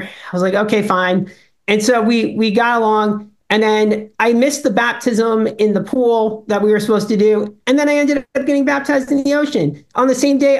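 A young man from a congregation telling a casual, slangy story and acting out the voices of the people he quotes. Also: creaky. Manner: slangy, acts out quoted voices with big pitch jumps. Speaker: congregation member. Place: congregation bible study room.

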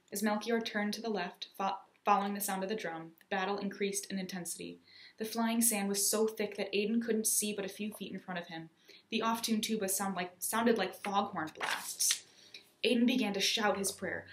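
Woman narrator, storybook reading, expressive and lively, mid-pitched, echoey room. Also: normal speed. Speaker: children's story reader.

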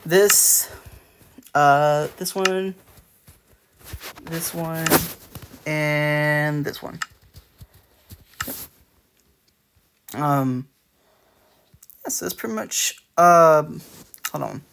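Gravelly, rambling male gamer. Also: a little high, extremely slow, pauses often, a bit bright, a little hiss or hum. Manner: rambling, hesitant, frequent fillers and restarts. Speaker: let's play creator. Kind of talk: casual gameplay commentary.

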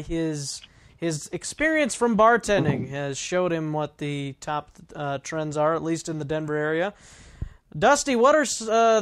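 Slow-talking podcast host man. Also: a little high, smooth. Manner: relaxed, laughs often, slips on his words. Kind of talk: casual chat.

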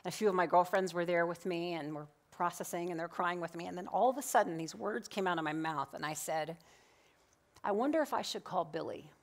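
A woman's voice: lowish voice, brisk. Woman minister telling a story in church. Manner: animated, acts out quoted dialogue, laughs often. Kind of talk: sermon with personal storytelling. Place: church sanctuary.

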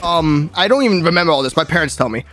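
Giggly high-voiced young man gaming. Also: expressive, fast, over music. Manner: giggly, crude joking. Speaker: gaming channel host. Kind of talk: casual gaming banter.

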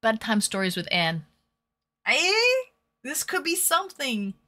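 A woman's voice: a little high, sing-song, unhurried, pushed and bright. A woman hosting a live stream in casual chat, reading viewers' messages aloud and answering them.

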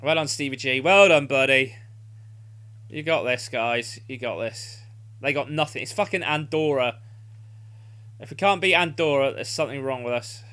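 A man's voice: medium pitch, moderate pace, bright, forceful tone. A young man playing a football video game live, urging his team on and swearing in frustration. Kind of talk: live gameplay commentary.

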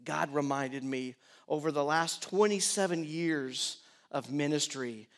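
A middle-aged man preaching a sermon as pastor, moving between loud pleading and quiet, personal storytelling. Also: fairly high pitch, unhurried.

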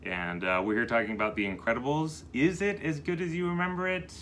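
A man's voice: mid-range voice, steady tone, fairly quick, a bit bright, slight background noise. A man in his thirties co-hosting a casual chat and food review, trading upbeat, joking banter. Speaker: co-host.

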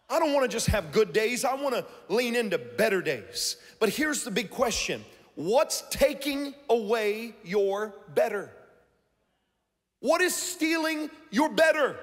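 A man preaching a sermon to a congregation, lively and shouting out his key points. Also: extremely high pitch, unhurried. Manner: animated, shouting for emphasis, talks to the congregation. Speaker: pastor. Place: large church hall. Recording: live church sermon with long hall reverb.

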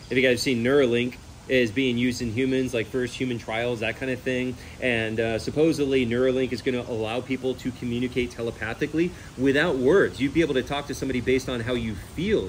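An earnest male host talking casually and with energy, leaning on imagined scenarios to make his case. His voice sits at an ordinary middle pitch. A faint hiss of noise runs underneath. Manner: earnest, animated, uses hypothetical scenarios. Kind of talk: casual animal rescue talk.

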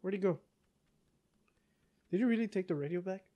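A man giving casual let's-play commentary, talking back to the game's characters, cursing and breaking into yells. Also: sits high, brisk, lo-fi sound. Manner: excitable, curses, talks back to game characters, yells in bursts. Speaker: gaming YouTuber.

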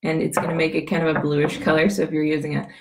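A woman with a scratchy, gravelly voice, giving a chatty how-to demonstration, rambling with many fillers and restarts. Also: deep voice, flat delivery, quick pace, reverberant. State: scratchy voice from a cough. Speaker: essential oil demonstrator.

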